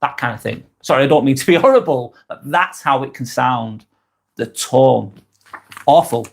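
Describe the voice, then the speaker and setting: A man's voice: mid-range voice, normal speed, creaky. A man giving casual advice to camera, rambling and often repeating himself or restarting his sentences. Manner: uses mate in chatty address. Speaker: self-help video host.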